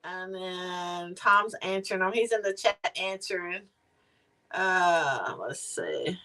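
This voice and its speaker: A woman hosting a casual chat, reacting quickly to her guest and reading out viewer comments. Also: fairly low pitch, sharp tone. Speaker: host.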